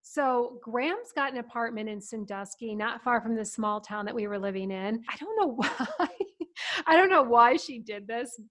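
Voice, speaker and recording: A woman's voice: fairly high pitch, moderate pace. Chatty middle-aged woman telling stories. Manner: chatty, animated, laughs often. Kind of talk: casual storytelling.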